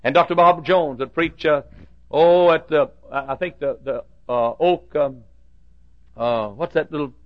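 An older man, a pastor, telling a story from the pulpit with halting restarts and bursts of loud preaching. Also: fairly high pitch. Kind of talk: sermon storytelling. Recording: dull lo-fi sermon recording.

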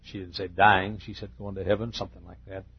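An older man preaching in a church, retelling a personal story in a halting, heartfelt way with repeated phrases. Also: low voice, level tone, slightly rough, lo-fi sound. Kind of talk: emotional sermon storytelling. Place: church sanctuary.

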